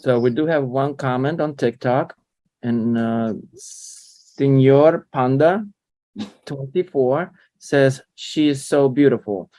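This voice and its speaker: A man's voice: medium pitch, takes it slowly, dark tone, no room sound. Laid-back guy co-hosting a live spanish lesson, dry close sound, video call. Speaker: co-host and learner. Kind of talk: live online lesson chat.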